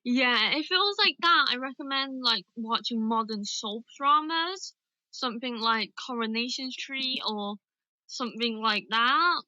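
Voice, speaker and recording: A young woman with a Birmingham accent chats with callers on her livestream. Her voice sits a little high and sounds bright and clear. The sound is dry and close. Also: measured pace, dry recording, poor audio. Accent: Birmingham English. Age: young adult. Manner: relaxed, chatty, answers briefly. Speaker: livestream host. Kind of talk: casual chat with callers.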